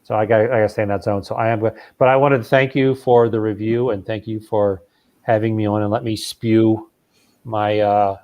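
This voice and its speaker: A man's voice: lowish voice, flat delivery, fairly quick, a little mellow. A man who is a guest on a casual chat, talkative and hesitant, full of you-knows. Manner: talkative, hesitant with fillers, slips into mock voices.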